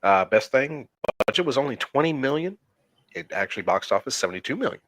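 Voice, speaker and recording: A man's voice: mid-range voice, very animated, fast talker, a bit bright. A man co-hosting a casual film podcast, reading out ratings and facts with wry reactions. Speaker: podcast co-host. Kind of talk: casual chat.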